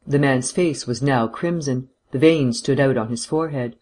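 A man's voice: mid-range voice, moderate pace, darkish tone. Man reading a detective novel evenly. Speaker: audiobook narrator. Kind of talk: scripted narration of a detective novel.

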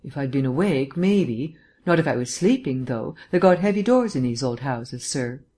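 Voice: mid-range voice, lively intonation, moderate pace, warm tone, natural voice. An audiobook reader voicing an anxious, deferential middle-aged female housekeeper who answers plainly. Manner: nervous, deferential, plain-spoken. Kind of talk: audiobook reading.

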